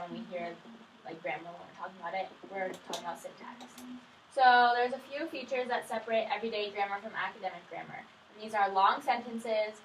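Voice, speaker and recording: A young woman, a student, briskly summarizing her reading and keeping the study group on task. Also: medium pitch, a bit bright. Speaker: student presenter. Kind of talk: casual study group discussion. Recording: echoey room, distant mic, faint noise.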